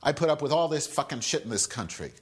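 A man with a husky, somewhat breathy voice delivers a profane solo podcast rant. He sounds angry and sarcastic, and keeps drifting into side remarks. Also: on the high side, sing-song, fast talker. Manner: rambling with frequent asides. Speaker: podcast host.

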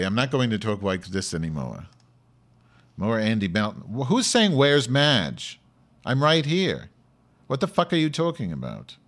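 A man's voice: on the low side, close to an everyday voice. A man playing a brash, short-tempered woman podcast host who rants sarcastically and swears at the listeners. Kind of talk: comedic podcast monologue.

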